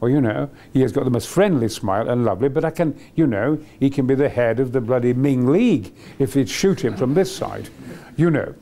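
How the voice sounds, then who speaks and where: Excitable older man, animated. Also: medium pitch, brisk. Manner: enthusiastic, excitable, many fillers and restarts. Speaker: actor being interviewed. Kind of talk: rambling anecdotal reminiscence.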